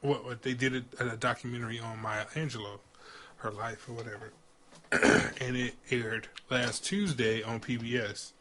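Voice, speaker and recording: A man's voice: mid-range voice, steady tone, moderate pace, sharp tone, a little hiss or hum. A man co-hosting a podcast, chatting casually with slang and some stumbling restarts. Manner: enthusiastic, slangy, trips over his words. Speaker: podcast co-host. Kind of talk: casual chat.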